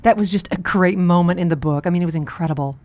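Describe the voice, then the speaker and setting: A woman's voice: fairly low pitch, fast, darkish tone. A woman hosting a radio interview show, encouraging her guest and thanking her on air.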